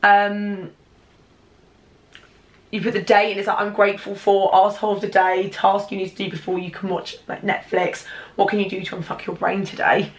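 A young British woman with a congested, stuffy voice, talking in a gushing, excitable way through a casual unboxing vlog and swearing freely. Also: medium pitch, normal speed. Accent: British English. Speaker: YouTuber.

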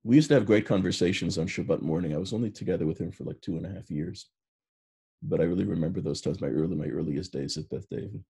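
Low husky older rabbi. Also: male voice, warm tone. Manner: unhurried storytelling, mixing in Hebrew terms. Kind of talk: sermon.

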